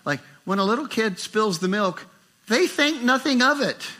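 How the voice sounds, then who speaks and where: An older man preaching a sermon, animated and acting out inner voices with rising pitch. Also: moderate pace. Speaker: pastor.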